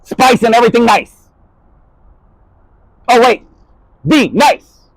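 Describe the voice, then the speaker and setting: High-ish guy rambling spoken word, cussing, topic jumping, dry close mic. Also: sing-song, slow, long pauses, dry recording, rough recording. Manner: rambling, jumping topics, swearing, shifting loudness.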